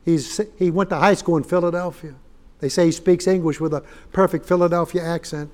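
Folksy high-voiced preacher. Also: male voice, fairly even intonation, brisk. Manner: folksy, rising to shouted emphasis. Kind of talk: fiery sermon. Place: church.

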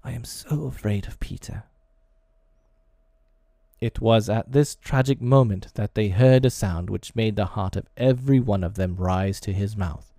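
A man narrating a storybook chapter with expressive delivery. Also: lowish voice, normal speed, few pauses, no room sound, clean studio sound. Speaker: audiobook narrator.

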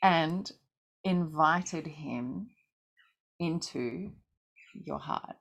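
Slow, gravelly low-voiced woman. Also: fairly bright tone. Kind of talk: casual podcast chat.

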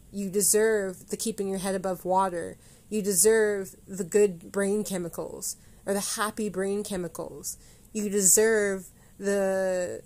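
A woman's voice: medium pitch, a little mellow. Woman podcast host, motivational solo talk, rambling, self-correcting, talks to the listener directly.

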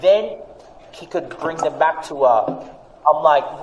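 Animated Australian man, roomy echo. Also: fairly high pitch, takes it slowly, slight background noise. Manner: animated, rambling, frequent fillers. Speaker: PR agency owner. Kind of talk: casual podcast chat. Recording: echoey room with long reverb.

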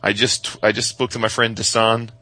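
A man co-hosting a podcast in casual chat, telling stories with excitement, swearing freely and putting on silly voices. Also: on the low side, moderate pace, dry recording, rough recording. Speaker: podcast co-host.

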